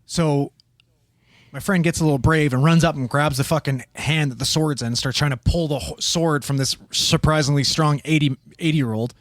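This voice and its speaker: A man recounting a wild story on a casual podcast, swearing constantly and jumping into the voices of the people in it. His voice sits a little high, and the sound is dry and close. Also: moderate pace, no echo. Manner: profane, animated, acts out quotes. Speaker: podcast co-host telling a story.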